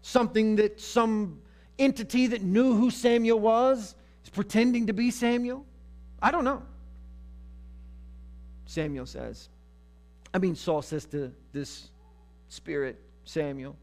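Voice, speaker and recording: A man's voice: high-pitched, takes it slowly, pauses often, darkish tone. Conversational male preacher. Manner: conversational, humorous storytelling. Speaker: pastor. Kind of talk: sermon.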